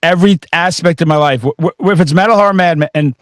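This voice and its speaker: A man hosting a podcast, chatting casually and excitedly with a rambling flow. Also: on the high side, fast talker, dry recording, clean studio sound. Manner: excitable, rambling, with bursts of laughter. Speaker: podcast host. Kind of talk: casual interview chat.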